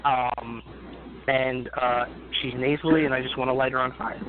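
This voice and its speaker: A man speaking at a middle pitch, blunt and crude, ranting in short bursts full of fillers. The sound is narrow and phone-like, with a light hiss behind it. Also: little pitch movement, normal speed. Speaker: co-host. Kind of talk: casual chat. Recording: tinny phone-like audio with faint hiss.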